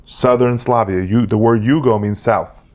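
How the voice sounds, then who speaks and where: A man's voice: medium pitch, steady tone, moderate pace, a little mellow. A man co-hosting a casual comedy podcast, rambling and joking as he lectures on history trivia. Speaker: podcast co-host.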